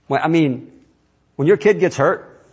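A man's voice: fairly high pitch, a little slow, slightly rough. A man preaching a sermon in a conversational way, asking his listeners question after question. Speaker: pastor.

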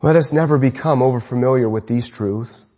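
A man preaching an evening sermon to a congregation, impassioned, swinging between raised urgent lines and low, quiet ones. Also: fairly quick. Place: church congregation, evening service.

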